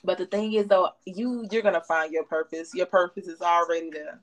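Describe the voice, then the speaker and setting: A woman host, talking in a casual spiritual chat. She is lively and slangy and hypes up her guest. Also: on the low side, a little fast, poor audio. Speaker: podcast host.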